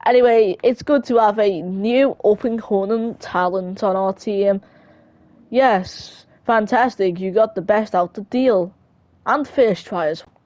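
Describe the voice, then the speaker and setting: A woman's voice: medium pitch, darkish tone, no room sound. A woman casually commentating on her football management game, rambling and self-mocking. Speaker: gamer.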